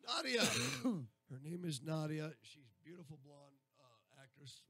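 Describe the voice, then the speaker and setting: A man's voice: fairly high pitch, sing-song, a little slow, sharp tone. A man hosting a radio show, chatting casually in a rambling, jokey way. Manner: rambling, jokey, breaks into silly accents.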